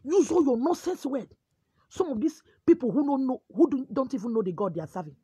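A woman with a Nigerian Igbo accent holds forth in a forceful, preachy rant, her speech swinging between pidgin and Igbo. Her husky, fairly high voice rises and falls with wide swings. The sound is dry and close. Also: lively intonation, fairly quick, dry recording. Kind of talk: animated monologue.

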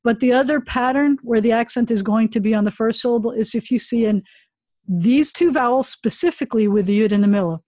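A woman's voice: fairly high pitch, a little fast, no room sound. Chatty woman rabbi teaching online. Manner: chatty, self-deprecating, animated.

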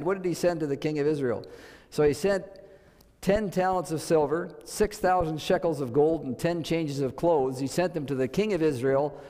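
A man's voice: mid-range voice, a little mellow. A man preaching a sermon in a church, conversational and full of rhetorical questions to the congregation. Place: church sanctuary. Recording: long hall reverb.

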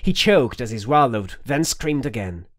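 A man's voice: medium pitch, expressive, normal speed, no echo, clean studio sound. A man narrating an audiobook, reading tense, dramatic scenes.

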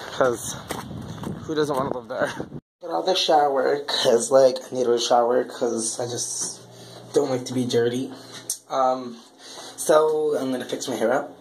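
A man vlogging casually, rambling and frustrated and swearing constantly, filmed on a handheld phone. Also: fairly high pitch. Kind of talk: casual vlog chat. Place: outdoors in the wind, then at home. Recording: wind noise outdoors.

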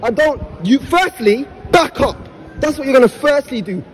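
A man with a British accent, agitated and shouting, repeating his demands insistently in a confrontation he films on his phone inside a shopping centre. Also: very high voice, lively intonation, normal speed, rough recording. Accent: British English. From Britain. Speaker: shopper stopped by store security. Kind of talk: heated confrontation, filmed himself. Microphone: phone camera held while filming.

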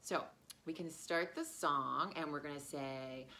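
Bright, playful daycare teacher woman. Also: deep voice, measured pace. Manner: playful, sing-song, exaggerated for young children. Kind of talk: children's lesson with sung chants.

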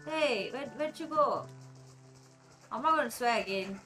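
A woman commentating her video game play, chatty and excitable, talking to the characters and swearing casually. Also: high voice, a little slow. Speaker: gamer playing a video game. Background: soft game music.

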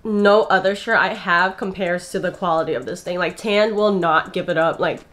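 Her voice is lowish and a bit bright, at a normal speed. This twenty-something vlogger, sitting in her bedroom, eagerly presents her presents in a loose show-and-tell, a touch breathless, talkative and giggling throughout.

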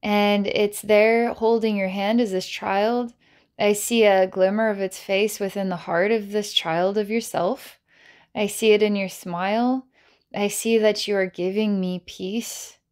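Woman psychic healer, guided healing session, playful and giggly, mid-pitched. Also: fairly even intonation, unhurried, darkish tone, smooth. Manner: playful and giggly, with many filler words.

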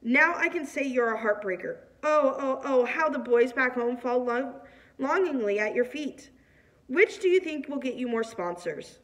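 A woman's voice: high voice, animated, moderate pace, a bit bright. A woman reading the lines of a blunt, scornful middle-aged male mentor in a storybook, from a distant mic.

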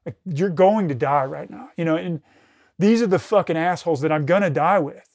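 A middle-aged man with a fairly high voice recounts a battlefield experience as a podcast guest. He talks with raw intensity, swears constantly and stumbles into restarts. The sound is dry and close, with no room around it. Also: fairly quick, a little mellow, no echo. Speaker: podcast guest, retired military rescue specialist. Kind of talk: recounting a combat story in casual conversation.

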